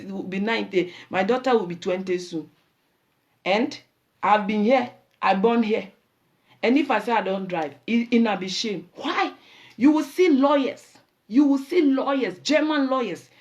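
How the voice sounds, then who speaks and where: A middle-aged woman with a Ghanaian accent, hosting a talk show and lecturing her listeners in a lively, preachy way, dropping Pidgin and Twi phrases. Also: a little high, lo-fi sound. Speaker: show host. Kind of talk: casual talk show monologue.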